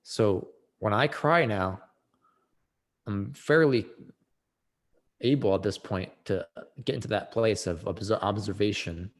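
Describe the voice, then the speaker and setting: Earnest man explaining, low voice. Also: measured pace. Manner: earnest, explanatory, rises sharply for emphasis. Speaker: podcast guest. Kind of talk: reflective conversation on emotional healing.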